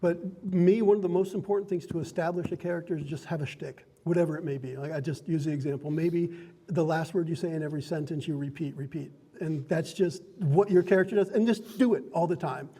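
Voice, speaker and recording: Speaking fast in a slightly high, dark-toned voice that sounds like it fills a big room, a man runs a game as dungeon master at a card and game store. He teaches newcomers the rules warmly and clearly, laughing frequently.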